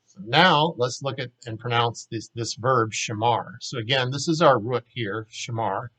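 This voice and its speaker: A man with a Southern American accent teaching a grammar lesson in a casual way, saying each word slowly and repeating it for drill. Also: mid-range voice, fairly bright tone, poor audio. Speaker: Hebrew teacher.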